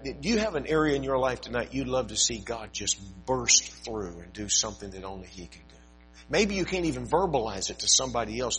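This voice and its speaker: A man preaching a sermon, telling a story with folksy humor and swinging from loud to soft. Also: mid-range voice, breathy edge, rough recording. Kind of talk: evening sermon.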